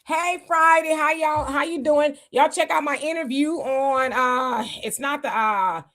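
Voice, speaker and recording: Heated high-voiced woman livestream host. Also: a little slow, a bit bright. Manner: heated, exclamatory, talks to viewers as y'all. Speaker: livestream co-host reading viewer comments. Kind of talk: casual political commentary chat.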